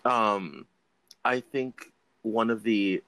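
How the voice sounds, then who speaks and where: A man's voice: lowish voice, steady tone, very slow, fairly bright tone, smooth, no room sound. A man hosting an interview, asking questions in a casual, conversational way. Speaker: host.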